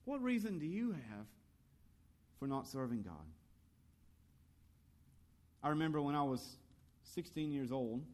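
Earnest, slightly high-voiced male preacher. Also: a little slow, pauses often. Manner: earnest, lively preaching with rhetorical questions; storytelling about his own youth. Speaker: pastor. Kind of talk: sermon.

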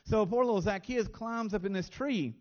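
A man's voice: high voice, normal speed, muffled recording. A man preaching a sermon as pastor, earnest, often repeating words as he presses a point.

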